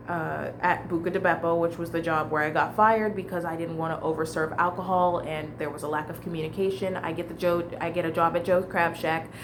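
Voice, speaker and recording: A woman's voice: fairly low pitch, a little hiss or hum. A young adult woman telling a casual storytime monologue, candid and rambling, restarting her sentences and swearing freely. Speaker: vlogger.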